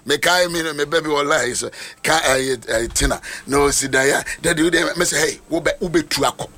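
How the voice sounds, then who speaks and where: A man with a Ghanaian accent preaching a sermon with passion, swinging between chanted lines and shouts. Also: a little high, brisk. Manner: impassioned, switching between Twi and English, sing-song shouting.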